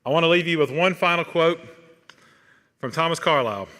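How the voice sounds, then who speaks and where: A man's voice: fairly high pitch, a little fast, sharp tone. A man giving an earnest, encouraging commencement address from a podium in a large hall. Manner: earnest, encouraging, quotes sayings. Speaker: commencement speaker. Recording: long hall reverb.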